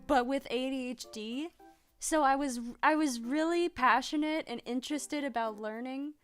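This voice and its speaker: A woman's voice: high-pitched, moderate pace, clean tone, faint music behind. A young adult woman streaming casually as she draws. She rambles, restarts and rephrases herself, laughs often and swears casually. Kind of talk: casual chat while drawing.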